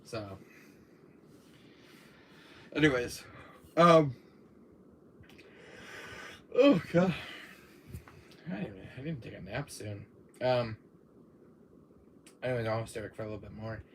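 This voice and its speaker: A man's voice: mid-range voice, slow pace, pauses often, a bit bright, a little hiss or hum. A man hosting a gaming stream, chatting casually and rambling with many fillers and frequent laughter. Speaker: gaming channel host.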